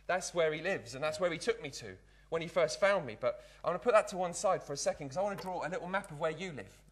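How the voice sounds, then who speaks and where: A man's voice: fairly high pitch, expressive, fast talker. A man playing a cheeky young Victorian apprentice magician, doing a live card trick in chatty patter. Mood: playful. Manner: chatty, patter-filled, keeps saying "look". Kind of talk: live magic act in character.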